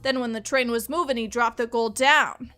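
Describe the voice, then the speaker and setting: A woman's voice: on the high side, fairly even intonation, moderate pace, fairly bright tone, faint music behind, natural voice. A woman voicing a struggling male treasure hunter from the 1930s, reading his journal aloud with a tough-guy gangster drawl. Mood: weary, rueful.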